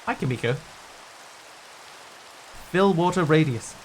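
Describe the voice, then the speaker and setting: A man's voice: fairly high pitch, expressive, takes it slowly, slight background noise. Man streaming, thinking aloud to chat. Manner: thinks aloud while building, answering viewers' chat. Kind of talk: casual live game-stream commentary.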